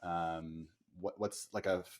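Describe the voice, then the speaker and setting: A man's voice: low voice, fairly even intonation, takes it slowly, a little mellow. A man hosting a podcast interview, asking reflective, encouraging questions with frequent fillers. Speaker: podcast host. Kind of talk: casual conversational interview.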